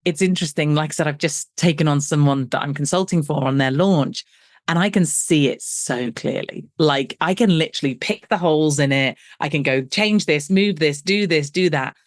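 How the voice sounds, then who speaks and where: The middle-aged business coach speaks at normal speed in a deep voice, recorded at studio quality without room sound. Interviewed as a guest, she shares her story in lively conversation, playing out the dialogue with self-deprecating wit.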